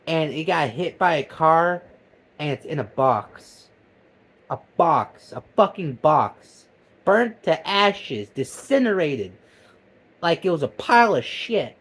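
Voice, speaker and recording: A man's voice: expressive, slow. Profane ranting man with a raised voice. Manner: profane, heated, swinging between loud outbursts and low mutters. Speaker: vlogger. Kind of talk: comedic ranting monologue.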